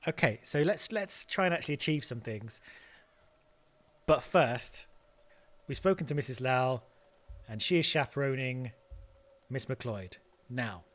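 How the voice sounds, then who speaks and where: A man's voice: medium pitch, measured pace, long pauses, fairly bright tone. A man hosting a let's play, thinking aloud in casual commentary and stumbling over repeated words.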